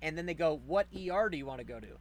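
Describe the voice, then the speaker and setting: A man tells a story in casual podcast chat, full of swearing and acting out the other people's lines. His voice sits a little high. A faint hiss runs underneath. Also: very fast. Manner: animated, profane, acts out the people in his story. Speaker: podcast host.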